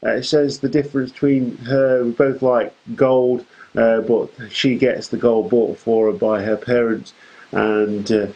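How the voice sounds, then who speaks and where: A man's voice: medium pitch, level tone, measured pace, a little mellow, highs cut off. A man hosting a fan show, giving a chatty, rambling recap of a wrestling show with jokey asides.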